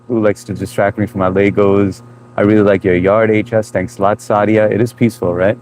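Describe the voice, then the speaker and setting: Laid-back livestream host, male, fairly low voice, accent mixing Indian and New England, faint noise behind. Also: poor audio. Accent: mix of Indian and New England. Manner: relaxed, chatty, laughs often, trails off in restarts. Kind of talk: casual live-stream chat reading comments.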